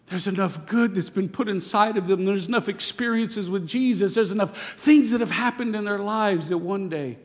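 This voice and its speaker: A young man preaching a sermon as a pastor, swinging from hushed whispers to shouted exhortation. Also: high voice, moderate pace, hardly any pauses, in a large hall, some chatter behind.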